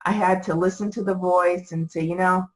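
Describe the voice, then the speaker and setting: A woman's voice: lowish voice, fairly even intonation, a little fast, darkish tone, rough recording. A woman guest on a podcast, talking reflectively with lots of "you know" fillers. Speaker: podcast guest, business owner. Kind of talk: casual interview talk.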